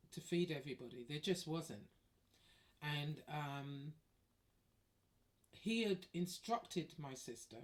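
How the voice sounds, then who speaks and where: A woman telling a personal story in a chatty, wry way, swearing freely. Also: deep voice. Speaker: vlogger. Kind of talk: casual storytelling.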